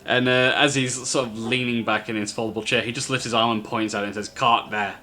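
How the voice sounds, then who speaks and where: A man's voice: mid-range voice, level tone, fast, sharp tone. A man narrating a tabletop game as game master, chuckling often and filling with "uh". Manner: narrates with frequent fillers and chuckles.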